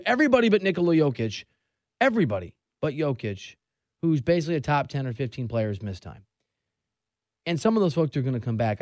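A man's voice: medium pitch, darkish tone, no room sound, clean studio sound. A man in his forties hosting a sports radio show, chatty and opinionated in a casual monologue. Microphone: studio microphone.

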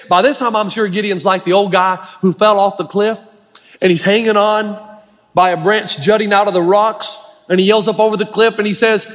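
A male pastor preaching a sermon in an emphatic, animated storytelling style, in a church sanctuary. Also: high voice, a little fast. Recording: long reverb of a large hall.

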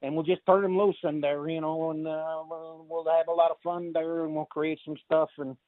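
A man's voice: fairly high pitch, little pitch movement, moderate pace, dry recording. Man rambling on a tinny phone line. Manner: rambling, many fillers and restarts. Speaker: voice actor guest. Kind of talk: casual interview chat.

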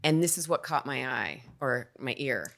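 A woman who is an actor and a podcast guest, telling stories in a casual, animated way and acting out the lines she quotes. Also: very deep voice, normal speed, gravelly. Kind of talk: casual storytelling.

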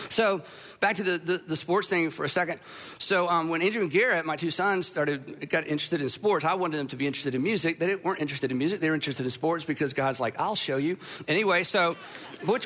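Man, high voice, bright and forceful tone, animated storyteller, self-deprecating jokes, talk to an audience. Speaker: speaker addressing an audience.

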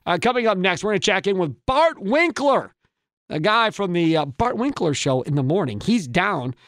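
A male radio host runs a midday sports talk show, his voice sitting a little high as he banters in quick bursts. The studio sound is dry and close. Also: very animated, a bit bright, no room sound. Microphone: studio microphone.

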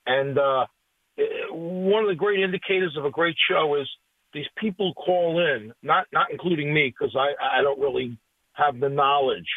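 An older man from the Northeast United States phones in to a sports radio show. He rambles and stammers in a friendly way, his voice high and husky. The tinny phone line is dry. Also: no echo. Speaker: caller. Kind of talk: radio call-in.

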